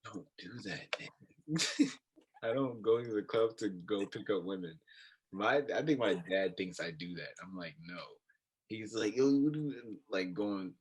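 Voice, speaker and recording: A young man co-hosting a podcast, telling stories in a low-key casual chat with a quiet voice. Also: measured pace, slightly rough. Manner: low-key, storytelling with laughs. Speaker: podcast co-host.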